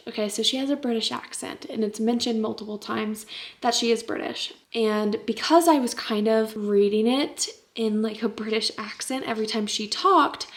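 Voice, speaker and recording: A young woman in her twenties chatting casually in a book vlog at home, giggly and full of fillers, speaking into her camera mic. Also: on the high side. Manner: hushed, half-whispered stretches. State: tired. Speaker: book vlogger.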